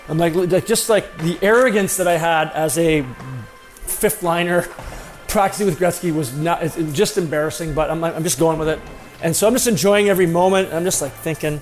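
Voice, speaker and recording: Self-mocking man telling a hockey story. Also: on the high side. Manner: self-deprecating, animated, lots of fillers. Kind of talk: casual storytelling.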